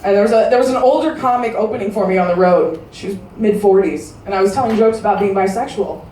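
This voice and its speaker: A woman in her thirties doing a crude stand-up comedy set, delivering brash, deadpan punchlines to a live audience in a large casino showroom. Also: mid-range voice, fast talker, distant mic, slight background noise. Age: 30s. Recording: roomy live-venue recording from afar.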